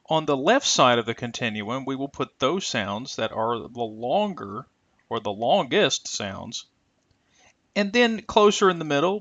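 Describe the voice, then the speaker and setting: Man, pronunciation teacher, bright lively voice, dry slightly muffled recording. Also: medium pitch, dry recording. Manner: careful, deliberate, stretches example sounds. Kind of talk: scripted instructional narration.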